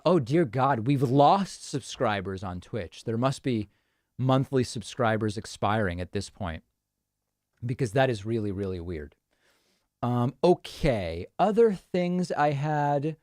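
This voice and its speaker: A man's voice: mid-range voice, animated, slow, darkish tone, no room sound. A man hosting a live political stream, reading viewer comments aloud and answering them offhand with dry asides. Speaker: political show host.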